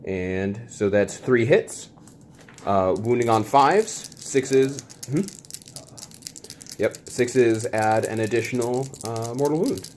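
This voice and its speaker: Here a man gives an easygoing play-by-play of a tabletop wargame, narrating each dice roll with playful exasperation and tiny sound effects. His voice is medium-pitched and darkish, his pace slow, and there's a little hiss or hum in the audio.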